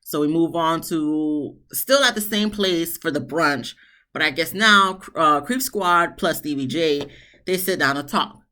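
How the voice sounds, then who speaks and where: A woman casually recapping a TV episode, chatty and animated, with sarcastic asides. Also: unhurried. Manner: chatty, animated, mock-quotes people with big pitch swings. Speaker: TV show reviewer.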